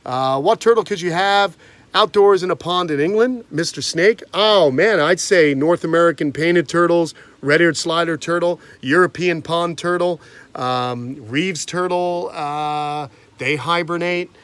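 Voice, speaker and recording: A man's voice: on the high side, unhurried, a bit bright, smooth, dry recording. A man hosting a casual live stream outdoors, chatty and enthusiastic, talking straight to his viewers. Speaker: reptile channel host. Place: outdoors by a pond.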